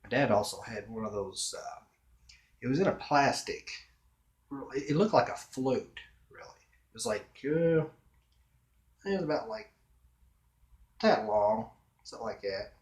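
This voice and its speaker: Here a vlogger rambles casually to camera by himself, chuckling and slowly drawing out his words as he muses. His voice sits on the low side with lively intonation, and the recording is reverberant.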